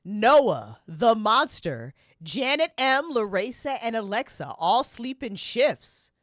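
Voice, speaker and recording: A woman's voice: a little high, very animated, takes it slowly, a bit bright, no room sound, studio quality. A woman hosting a casual livestream, reading game events aloud and reacting with frequent laughter and swearing.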